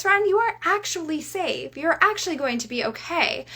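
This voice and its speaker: A woman coach in a casual motivational talk, often asking "right?", who slows down to lead guided breathing. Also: very high voice, expressive, a bit bright. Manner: chatty, tags sentences with "right?"; leads slow guided breathing. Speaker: reiki coach.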